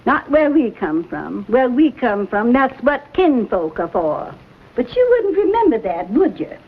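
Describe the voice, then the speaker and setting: A woman's voice: on the high side, big pitch swings, unhurried, breathy edge, exaggerated voice. An actress playing a stern frontier mother, scolding her grown son. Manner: scolding, commanding. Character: stern frontier mother, proud of family ties. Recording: thin phone-like old TV audio.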